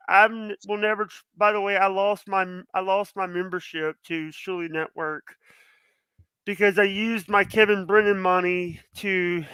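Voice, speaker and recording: A man's voice: sits high, pushed and bright, clear, resonant tone, no room sound, low-quality recording. A man talking as a podcast guest, nervous and stuttering, with many restarts. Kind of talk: casual chat.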